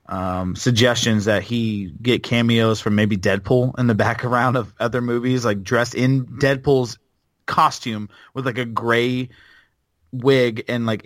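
A man in his thirties ranting bluntly on a podcast, cursing freely in casual chat. His voice sits at a middling pitch, recorded close and dry with no room sound. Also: a bit bright, dry recording. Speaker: podcast co-host.

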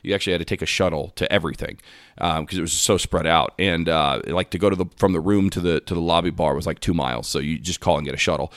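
A man co-hosting a casual sports podcast, telling animated stories and acting out voices. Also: sits low, quick pace, no room sound, studio quality. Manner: animated storyteller, acts out voices in anecdotes. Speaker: podcast co-host. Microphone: podcast microphone.

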